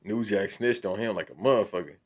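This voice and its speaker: A man with a fairly low voice jokes around in a crude, storytelling way. His talk is relaxed podcast banter between friends. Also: a little fast, slightly rough. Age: adult. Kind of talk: casual chat.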